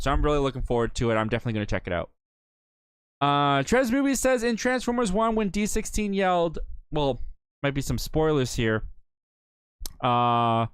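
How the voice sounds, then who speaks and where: A man's voice: medium pitch, fairly bright tone, smooth, dry recording. A young man hosting a live movie talk stream, reading out viewer comments and reacting in a chatty, upbeat way.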